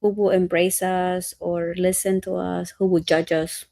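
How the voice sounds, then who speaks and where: Telling earnest parenting stories on the podcast she co-hosts, this woman in her thirties chats casually and performs the quotes. Her voice is on the low side, level, gravelly and warm, moving a little slowly in a dry recording.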